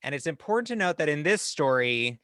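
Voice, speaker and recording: A man's voice: fairly high pitch, very animated, fairly quick, fairly bright tone, dry recording. A man co-hosting a comedy podcast, making dry asides and introducing the next reading. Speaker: podcast co-host. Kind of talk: casual comedic chat.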